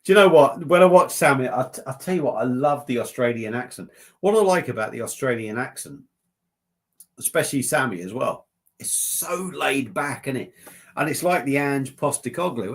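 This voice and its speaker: A man's voice: mid-range voice, lively intonation, moderate pace. A man hosting a casual beer-review livestream, joking and rambling with plenty of swearing.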